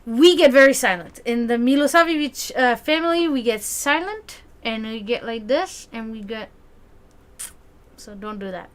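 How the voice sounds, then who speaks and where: A grown woman who hosts community get-togethers takes her time telling a long family story, in a voice on the high side. She talks casually about growing up with her brother, acting out quoted voices with animation, laughing often and using profanity.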